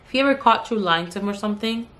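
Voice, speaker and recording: A young woman telling a story about her job in a casual, chatty way while doing her makeup, acting out the lines in a raised voice and swearing now and then. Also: racing. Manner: animated, acts out the customer's lines with raised pitch; swears casually, addresses viewers as "you guys". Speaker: beauty vlogger telling a story.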